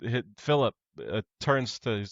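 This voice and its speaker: A man's voice: mid-range voice, a little slow, no echo, dull audio. A man co-hosting a podcast, casually retelling a film's scenes and acting out its lines. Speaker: podcast co-host. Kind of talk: casual movie recap chat.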